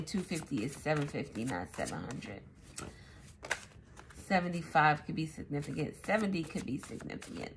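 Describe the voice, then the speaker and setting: A woman giving a casual tarot reading, thinking out loud as she goes. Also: low voice, a little hiss or hum. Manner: musing aloud, thinking out loud. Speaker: tarot reader.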